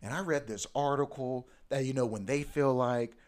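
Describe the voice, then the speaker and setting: A man's voice: medium pitch, steady tone, normal speed, darkish tone, natural voice. A man voicing his worried girlfriend as she explains away the pet's behavior. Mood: explaining. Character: worried girlfriend making excuses, woman.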